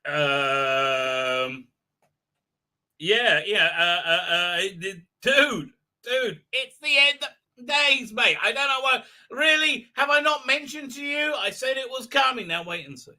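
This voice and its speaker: A man's voice: very high-pitched, lively intonation, slow pace, sharp tone. A middle-aged man hosting a casual livestream, rambling with many fillers and restarts. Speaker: livestream host.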